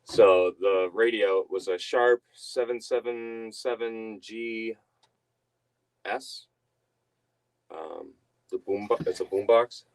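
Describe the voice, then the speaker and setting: Deep-voiced rambling young man. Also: slow, pauses often, rough recording. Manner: rambling, laughs often, self-interrupting. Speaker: reseller streamer. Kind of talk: casual storytelling to viewers.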